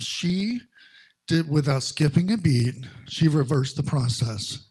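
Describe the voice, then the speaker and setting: A middle-aged male minister delivers a sermon, telling personal stories slowly and conversationally with wry humor. His fairly high voice is animated and a little mellow, with a breathy edge.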